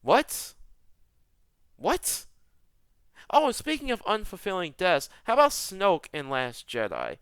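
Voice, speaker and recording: A man's voice: high voice, wildly swooping pitch, normal speed, creaky, hardly any pauses, fairly bright tone, smooth, dry recording, studio quality. A young man delivering an exasperated rant to camera, full of rhetorical questions and repeated words. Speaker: YouTuber. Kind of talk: ranting commentary.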